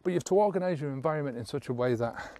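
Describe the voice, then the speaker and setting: Rapid-fire, fairly high-pitched, and warm, with lively intonation, this man speaks to camera as a sobriety coach. His motivational talk on quitting drinking is blunt and earnest, with offhand swearing and frequent "right?" check-ins.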